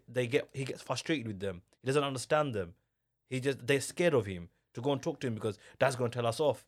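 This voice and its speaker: A young man tells stories in a relaxed podcast chat. He is animated, jumps into other people's voices and restarts his sentences often. His voice sits at a middle pitch, recorded close and dry. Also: no room sound. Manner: animated storyteller, acts out what others said. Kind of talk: casual chat.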